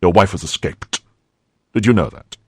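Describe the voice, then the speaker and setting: A man voicing a powerful older cardinal who questions in a measured, probing way and commands quietly. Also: low-pitched, slight background noise, close to an everyday voice. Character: powerful older male cardinal, cold, calculating.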